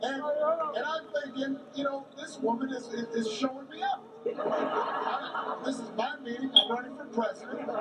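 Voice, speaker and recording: Brief: male candidate at a rally, high voice, distant echoey recording, halting storytelling. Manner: halting delivery with many repeated words. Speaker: political candidate. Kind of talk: campaign rally speech, storytelling. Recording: echoey, distant mic, background noise.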